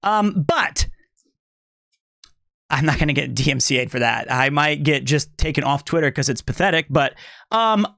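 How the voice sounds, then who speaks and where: Upbeat young male streamer, high-pitched, dry close mic. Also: expressive, moderate pace, creaky, long pauses, pushed and bright, dry recording. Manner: upbeat, thanks viewers, chatty. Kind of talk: casual live-stream chat.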